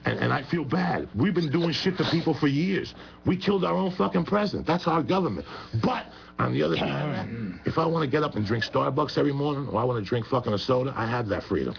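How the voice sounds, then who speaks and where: Fast, gravelly, foul-mouthed man. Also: mid-range voice, expressive. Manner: rambling, profane, emphatic. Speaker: guest. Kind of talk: heated profane talk radio chat. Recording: muffled radio broadcast with faint hum.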